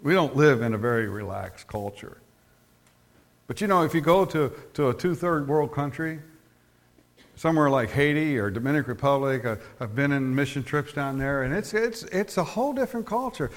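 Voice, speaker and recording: A man's voice: fairly high pitch, very animated. A man preaching a sermon as pastor, telling anecdotes and often repeating words as he goes. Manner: tells stories, often repeats words, slows for emphasis.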